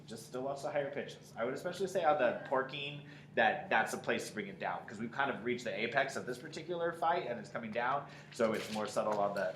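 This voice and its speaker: Man giving measured acting notes, roomy echo. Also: medium pitch, expressive. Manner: measured, constructive, agreeing then adding notes. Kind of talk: spoken critique of a scene. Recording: echoey room, faint background noise.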